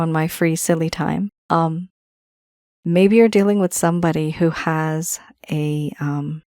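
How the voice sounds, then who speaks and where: A woman's voice: on the low side, a little mellow, dry recording, clean studio sound. A woman reading tarot cards to her viewers, musing and intuitive as she speaks straight to them. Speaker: tarot reader. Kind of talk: solo tarot card reading to camera.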